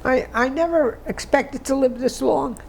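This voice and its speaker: A woman's voice: high-pitched, a little slow, creaky, a little hiss or hum, low-quality recording. A woman in her nineties giving an oral history interview, emotional and tearful, reminiscing with restarts. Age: 90s. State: crying.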